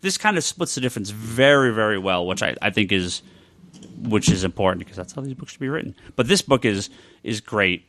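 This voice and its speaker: A man's voice: lowish voice, lively intonation, a little fast, fairly bright tone. An American man co-hosting a podcast, talking casually in a rambling, enthusiastic way, often correcting himself. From United States. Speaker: podcast co-host. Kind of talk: casual chat.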